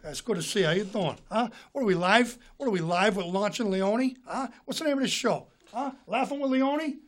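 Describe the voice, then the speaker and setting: A man's voice: brisk, natural voice. Man doing a growling tough-guy movie star. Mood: teasing. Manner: low, growling, repeats "huh?".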